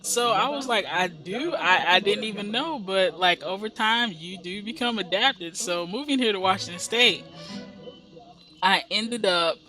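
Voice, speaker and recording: A woman's voice: mid-range voice, unhurried, over music, rough recording. A woman from the Midwest chatting in a rambling way while she narrates her life-sim gameplay, acting out the people in her stories. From American Midwest. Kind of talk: casual chat while playing a life-sim game.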